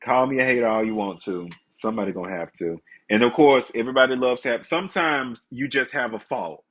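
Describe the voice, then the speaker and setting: A man's voice: mid-range voice, fairly quick, fairly bright tone, rough recording. A man with a congested voice, chatting candidly and ranting to viewers on a casual live stream.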